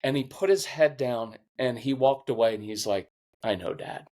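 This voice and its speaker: A man's voice: medium pitch, normal speed. Middle-aged guy on a parenting podcast, earnest, kinda emotional, voice catching. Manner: earnest, emotional, animated storytelling. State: choked up. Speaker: podcast guest, parenting coach. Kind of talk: conversational interview.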